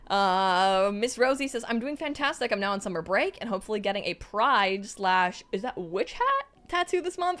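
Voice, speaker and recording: A young woman streaming live, reading out chat messages and reacting in a bubbly, excitable way. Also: medium pitch, normal speed, few pauses, faint music behind.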